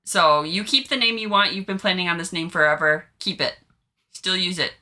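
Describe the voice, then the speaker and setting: A woman co-hosting a casual chat show, chatty, laughing easily and giving quick opinions. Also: on the low side, sharp tone. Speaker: podcast co-host.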